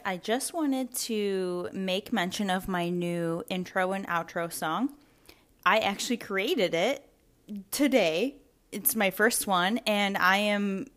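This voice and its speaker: A young woman talking loosely into her podcast mic at home, slightly out of breath. She rambles in a chatty, unfiltered way, dropping the odd swear word. Her pitch sits in an ordinary middle range. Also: fairly bright tone. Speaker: podcast host. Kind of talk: casual solo podcast chat. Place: at home with pets around.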